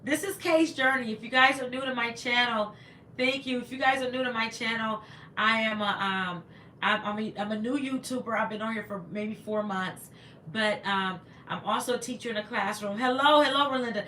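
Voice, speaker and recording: A woman's voice: a little high, normal speed, pushed and bright, roomy sound, slight background noise. A woman, a teacher, chatting casually on a livestream, greeting viewers and rambling with stumbling restarts into a laptop microphone.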